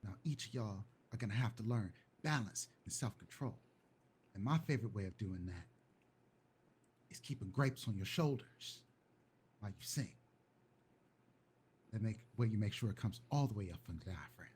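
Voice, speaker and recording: A man's voice: on the low side, lively intonation, moderate pace, long pauses, darkish tone, husky. Man playing a bossy, eccentric music producer.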